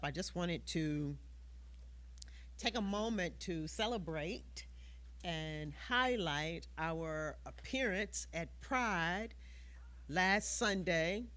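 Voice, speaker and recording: A woman minister speaking at a church service. She talks with many fillers and pauses. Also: fairly low pitch. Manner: slow, warm-hearted, with many fillers. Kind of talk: church announcements.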